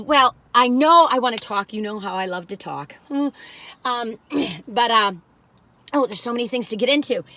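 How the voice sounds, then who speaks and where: Brief: high-voiced woman hosting a homey cookie-tasting vlog, folksy, laughs a lot. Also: sharp tone, no room sound. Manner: folksy and giggly, breaks into little jingles. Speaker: vlogger reviewing cookies.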